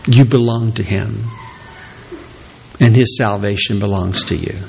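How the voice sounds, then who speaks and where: A man's voice: measured pace, vocal fry, slight background noise. A man preaching a sermon as pastor, who acts out voices of the people in his story. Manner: animated preaching, acts out Peter's reluctant excuses in a high voice.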